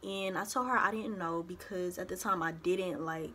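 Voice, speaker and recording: A young woman vlogger, telling a personal story in a casual, animated way and acting out the voices of the people in it. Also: on the low side, normal speed, a little hiss or hum. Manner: animated retelling, acts out others' voices.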